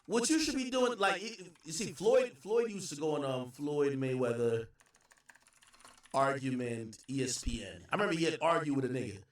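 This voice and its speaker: This livestream host, a man whose voice sits on the high side, gives loose, slangy reaction commentary at a normal speed. He's animated and rambles. The room sound is echoey and distant.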